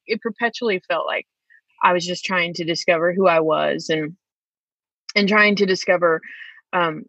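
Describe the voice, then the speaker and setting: A woman, a former student, talking in a casual interview, reflective and quick to laugh as she tells stories. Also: lowish voice, a bit bright, no room sound. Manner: reflective, laughs often while telling stories. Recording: dull lo-fi sound.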